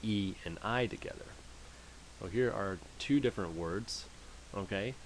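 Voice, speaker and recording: A man's voice: fairly low pitch, measured pace, slight background noise. A man teaching German pronunciation in a screen-share lesson, patiently repeating each word for practice.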